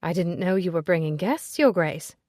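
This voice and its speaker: A woman voicing a cheery, efficient middle-aged secretary who speaks brightly, politely and briskly. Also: fairly low pitch, expressive, dry recording, studio quality, lightly acted.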